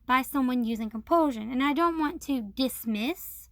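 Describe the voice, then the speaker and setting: A young woman with a high voice talks straight into a dry, close mic. She tells a personal grievance casually, swearing freely and mocking the people she quotes, with plenty of filler words. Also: normal speed, no room sound. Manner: frank and profane, with many fillers; aggrieved, quoting others in a mocking tone. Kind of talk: casual vlog storytelling.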